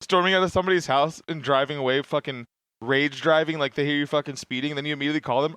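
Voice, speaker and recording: A man's voice: on the high side, steady tone, quick pace, a bit bright, smooth, no room sound. A young man hosting a talk show, riffing on comedic bits with lots of swearing and laughter. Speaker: podcast host. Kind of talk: casual comedic banter.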